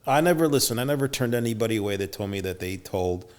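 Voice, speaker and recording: A man's voice: lowish voice, lively intonation, fast, darkish tone. A middle-aged man telling stories as a podcast guest, acting out quotes with big jumps in his voice and swearing freely. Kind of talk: storytelling interview.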